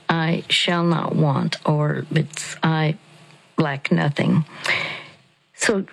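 A woman hosting a radio counseling show, speaking gently and haltingly with fillers and restarts. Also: lowish voice, low-quality recording.

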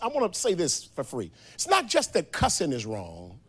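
Preacher man, high voice that jumps all over, goes from hushed to shouting. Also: wildly swooping pitch, brisk, hardly any pauses, slightly rough. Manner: dramatic storytelling, swinging from soft to shouted. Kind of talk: sermon.

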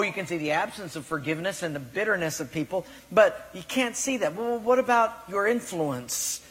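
High-voiced preacher in a reverberant hall. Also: male voice. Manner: emphatic preacher, rising on key words and dropping to a hush. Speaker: pastor. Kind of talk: sermon. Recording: long reverb of a large hall.

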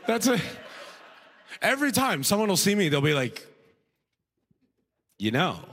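Animated stand-up comic man in a hall. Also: sits high, unhurried. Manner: animated, checks in with the crowd constantly. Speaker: stand-up comedian. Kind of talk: stand-up comedy. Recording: long hall reverb.

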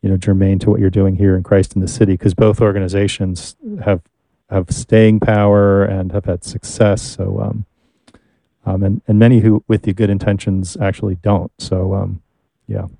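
A man's voice: low-pitched, level tone, moderate pace, vocal fry, dark tone, no echo. A man hosting an interview, asking questions in a thoughtful, hesitant way. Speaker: interview host.

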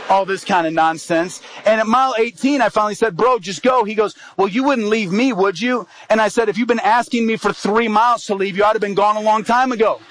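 A man's voice: high voice, a little hiss or hum, poor audio. A man telling a personal story in a sermon, acting out what people said. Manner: lively storytelling with acted-out quotes.

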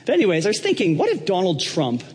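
A man's voice: high-pitched, wildly swooping pitch, fast talker, breathy edge, long reverb tail. A man preaching a sermon in a jokey, conversational way, checking in with his congregation. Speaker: pastor.

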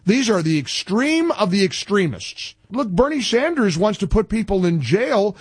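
A male talk radio host with a fairly high, husky voice, swinging his pitch widely as he rants rapid-fire and keeps restarting his sentences. The sound is dry and close, with no room around it. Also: sing-song, no echo. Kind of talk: opinionated talk radio banter.

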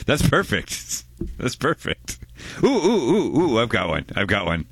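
A man's voice: mid-range voice, wildly swooping pitch, fairly bright tone, husky, dry recording. Joking radio guy, bouncy up and down voice, dry studio sound. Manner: playful, jokey, quick to laugh. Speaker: radio co-host. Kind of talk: casual chat.

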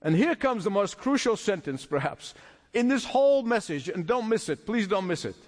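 Male preacher, high and animated delivery, emphatic sermon style, long hall echo. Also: moderate pace. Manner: emphatic, repeats phrases for stress.

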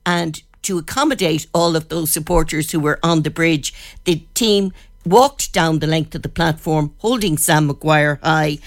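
A woman's voice: deep voice, normal speed, no room sound. Irish woman reporter, dry close sound. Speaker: radio news editor, reporter. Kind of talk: news report and interview.

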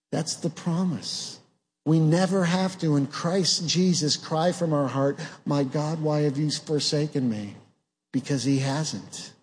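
A man preaching a sermon in an earnest way, asking rhetorical questions and dropping his voice low on key words. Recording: long hall reverb.

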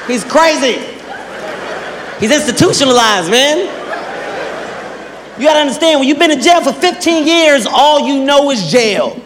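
A man doing a stand-up comedy routine, telling exaggerated stories with shouted punchlines. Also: very high-pitched, expressive, moderate pace, pauses often, crowd noise. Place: large performance hall. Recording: reverberant hall, faint background noise.

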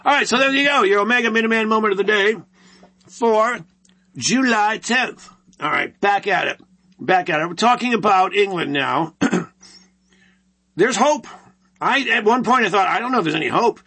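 Sarcastic high-voiced male commentator. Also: expressive, measured pace, pauses often, sharp tone. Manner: rambling, sarcastic, full of rhetorical questions. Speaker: show host. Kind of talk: opinionated commentary monologue.

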